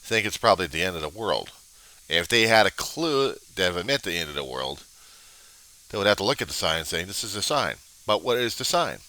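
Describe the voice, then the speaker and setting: A man talks to himself at his desk, muttering and grumbling as he searches, then swings into wide, lively rises and falls. His voice is bright and close, with a dry, roomless sound from a webcam. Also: low voice, a little fast, dry recording. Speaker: diary vlogger. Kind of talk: rambling solo video diary. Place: home desk with computer. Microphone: computer webcam.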